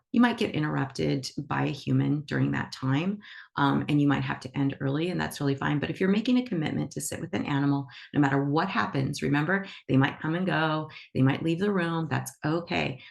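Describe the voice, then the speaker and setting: A woman's voice: deep voice, vocal fry. A woman teaching animal reiki to an online class over a video call, talking in an enthusiastic, emphatic and upbeat way. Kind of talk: instructional talk to an online class.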